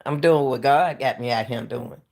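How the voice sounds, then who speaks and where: A woman's voice: a bass voice, moderate pace, gravelly, darkish tone. A middle-aged woman, a retired track coach, hosting live commentary. She speaks with a harsh coaching edge, impassioned and repeating herself to her viewers.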